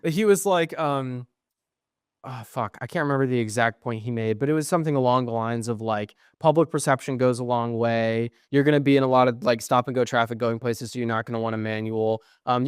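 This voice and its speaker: A man's voice: mid-range voice, steady tone, fairly quick, clear, resonant tone, dry recording, studio quality. A young man co-hosting a podcast, telling stories in casual chat, quoting others and swearing often. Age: young adult. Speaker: podcast co-host.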